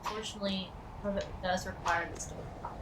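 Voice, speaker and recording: A woman's voice: medium pitch, fairly even intonation, fast, far from the mic, very noisy. A woman chatting casually on a live stream, playful and talkative, cracking jokes and puns.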